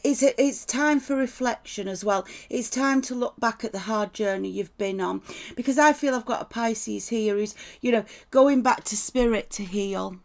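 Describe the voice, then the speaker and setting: A woman talking through a tarot reading in a loose, conversational way, with a gravelly fry in her voice. She keeps checking in with her listener and drops swear words without a pause. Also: on the high side. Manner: chatty, keeps asking "right?", swears freely. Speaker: tarot reader. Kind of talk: casual spoken tarot reading.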